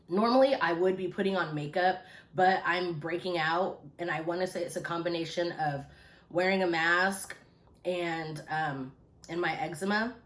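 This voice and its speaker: A woman's voice: sits low, echoey room. A woman hosting her own channel, chatting casually and rambling with many fillers, recorded on a phone. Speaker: YouTube commentary host. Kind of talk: casual chit-chat commentary.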